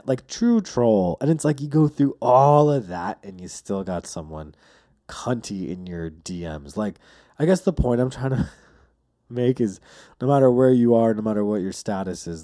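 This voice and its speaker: Male podcast host, loose profane storyteller, low-ish warm tone. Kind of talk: casual solo podcast monologue.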